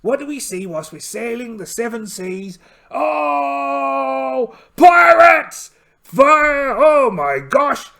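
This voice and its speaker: A man's voice: high voice, animated, moderate pace, few pauses, a little mellow. A man voicing a polite, boastful one-eyed pirate captain in a solo tabletop game, theatrical and full of exclamations. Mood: hearty. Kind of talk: in-character solo game narration.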